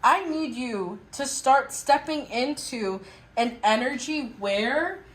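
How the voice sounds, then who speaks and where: A woman's voice: high-pitched, takes it slowly, reverberant, rough recording. A young adult woman giving a casual tarot reading to her viewers, chatty and blunt, laughing and swearing as she acts out exasperated remarks. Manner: acts out exasperated quotes in a mocking voice. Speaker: tarot reader.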